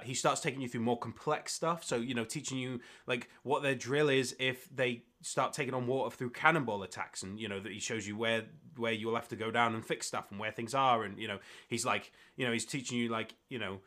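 A man's voice: mid-range voice, a little fast, pushed and bright. A man narrating as game master in a tabletop role-playing game, rambling with many fillers.

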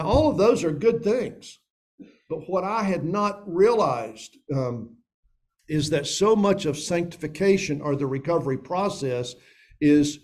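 A man's voice: fairly high pitch, a little mellow. Older man preaching in a casual storytelling tone. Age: 70s. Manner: casual, personal storytelling, addresses listeners as guys and dude. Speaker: pastor. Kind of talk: sermon.

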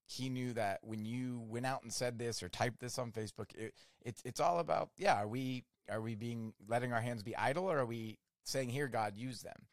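A man hosting a faith conversation, reflecting warmly on what his guest said and adding his own thoughts. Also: mid-range voice, normal speed, few pauses, dry recording, clean studio sound. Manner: affirming, reflective, many "so good" replies. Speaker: interview host.

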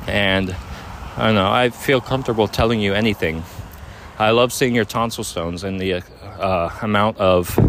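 A man's voice: fairly low pitch, a little hiss or hum. A young man making an earnest, rambling, hesitant apology to his partner, recorded outdoors. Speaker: boyfriend addressing his partner. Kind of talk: heartfelt apology monologue. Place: outdoors near overhead air traffic.

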